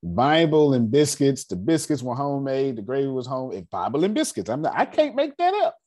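Husky, lively man telling a story. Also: mid-range voice, quick pace. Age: 30s. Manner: emphatic, repeats key phrases, blunt and joking. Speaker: meeting leader teaching personal finance. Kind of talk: animated storytelling talk to a group.

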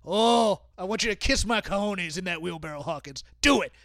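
A man's voice: high-pitched, expressive, fairly quick, a bit bright, dry recording, studio quality. A man putting on the voice of a blustering, domineering older wrestling promoter who bellows his demands. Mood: boastful.

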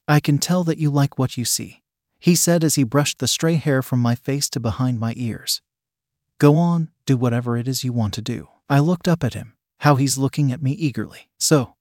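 A man's voice: medium pitch, a little mellow, no echo, studio quality. A man narrating an erotic story in a plain first-person reading.

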